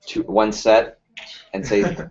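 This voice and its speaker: In a slightly muffled lo-fi recording, a man in his thirties leads a motivational workshop for a sales team. His voice is fairly low, flat, slow, and a little mellow, yet he talks casually and energetically, firing rhetorical questions at the room.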